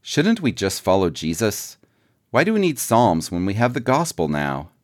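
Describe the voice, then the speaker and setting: A man with a notably deep, low voice reads a devotional book aloud. His delivery is measured and deliberate, in a scripted narration style. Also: big pitch swings. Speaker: audiobook narrator.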